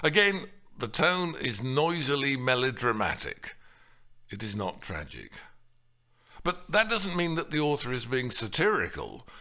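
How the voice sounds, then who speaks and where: A man giving a scripted literary analysis in a measured way, now and then acting out quoted lines with a raised voice. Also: mid-range voice, huge pitch swings, bright, forceful tone.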